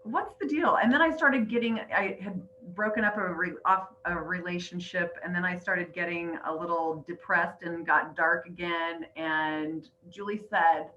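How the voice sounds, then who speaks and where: A woman's voice: fairly low pitch, steady tone, normal speed, hardly any pauses, sharp tone, highs cut off, a little hiss or hum. A middle-aged woman and grandmother earnestly telling her personal story on a group call, teary and emotional. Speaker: weight-loss coach sharing her story. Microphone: online call.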